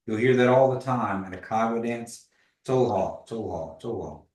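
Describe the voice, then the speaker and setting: A man's voice: mid-range voice, lively intonation, normal speed, darkish tone. A man teaching a language class in a casual way, patiently modeling pronunciation and telling stories. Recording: echoey room, voice from a distance.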